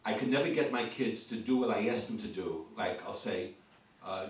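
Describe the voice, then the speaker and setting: A man's voice: lowish voice, lively intonation, normal speed. A man who spent decades as a teacher and supervisor, chatting casually from the floor at a community event and telling anecdotes. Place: community hall. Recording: echoey hall, mic from far off.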